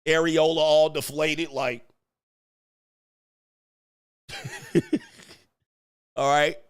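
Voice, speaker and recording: A man's voice: fairly high pitch, huge pitch swings, drawn-out words. A man hosting a show, telling crude comedic stories in heavy slang and acting out quotes. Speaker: podcast host. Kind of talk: crude comedic riffing to a live chat.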